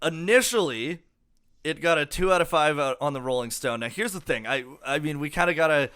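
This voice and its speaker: A man co-hosts a laid-back comedy album review podcast. His voice is bright and crisp. He rambles loosely, full of fillers and casual swearing. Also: fairly high pitch, animated, brisk. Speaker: podcast co-host.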